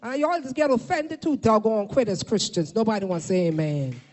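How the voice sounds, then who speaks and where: A woman preaching a fervent sermon to a congregation, shouting at peaks and calling for responses, filmed for a camera. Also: fairly high pitch, lively intonation, a little fast. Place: church or meeting hall. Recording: long hall reverb.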